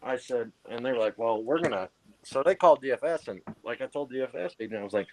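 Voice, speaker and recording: A man's voice: medium pitch, animated, fast, darkish tone, a little hiss or hum. A man in his thirties or forties telling a heated personal story in casual chat, swearing constantly.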